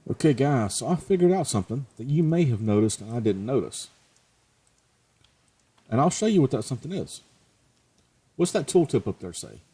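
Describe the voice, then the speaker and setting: A man's voice: mid-range voice, warm tone, slightly rough. A man hosting a let's play, chatting casually and joking at his own expense as he plays. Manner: chatty, joking, self-mocking. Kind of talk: casual gameplay commentary.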